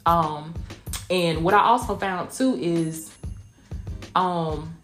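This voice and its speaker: A woman's voice: fairly low pitch, takes it slowly. Podcast host, woman, rural Southwest Georgia accent, folksy and emphatic, roomy echo with faint music under her. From Blakely, Georgia, US. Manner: folksy, emphatic, calls listeners honey and y'all. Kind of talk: casual motivational podcast chat, also streamed live.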